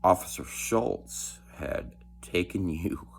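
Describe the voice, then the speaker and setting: A man voicing a serious male investigator who speaks quietly and hesitantly, with solemn pauses. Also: low-pitched, animated, gravelly, slight background noise, full character voice. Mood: grave. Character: grave, serious male internal affairs investigator.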